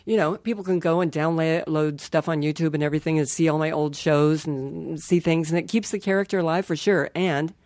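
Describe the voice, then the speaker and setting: A woman's voice: low voice, fairly quick, few pauses, a little mellow, no echo, studio quality. An older woman chatting as a guest in an interview, playful and self-mocking, laughing often. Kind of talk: casual interview chat.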